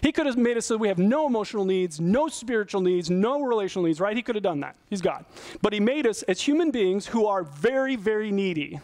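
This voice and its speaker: A man's voice: high-pitched, expressive, a little fast, a little mellow, dry recording. A middle-aged male pastor giving an earnest, conversational sermon full of rhetorical questions.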